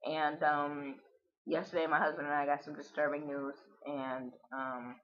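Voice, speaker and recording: A woman's voice: sits low, level tone, measured pace, muffled recording. A woman recording a confessional video diary, earnest and emotional, trying not to cry. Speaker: vlogger.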